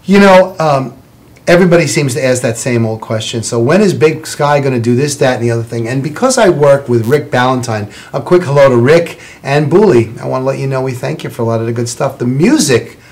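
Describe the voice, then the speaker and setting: A man's voice: mid-range voice, animated, darkish tone. Effusive rambling male talk show host. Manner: effusive, rambling, quick to praise guests. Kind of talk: chatty studio interview. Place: television studio.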